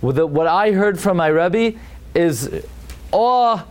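A man's voice: on the high side, lively intonation, unhurried, a little mellow. A man teaching a Torah class as a rabbi, telling the story dramatically and with emphasis, full of restarts and Hebrew terms. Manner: sprinkles Hebrew and Yiddish terms.

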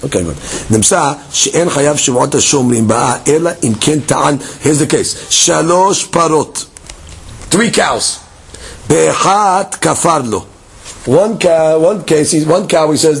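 A man teaching a Talmud class, moving between quick Hebrew text reading and explanation while acting out the claims in a case. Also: on the high side, vocal fry, slightly rough. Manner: lively, leaps between English and Hebrew text reading, acts out case dialogues.

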